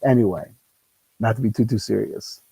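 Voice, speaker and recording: A man's voice: fairly low pitch, moderate pace, gravelly, mellow, breathy edge, no room sound, low-quality recording. A man hosting a solo tabletop game on a lapel mic, rambling and ranting, swearing freely. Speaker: solo tabletop game player and channel host. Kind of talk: casual solo game commentary.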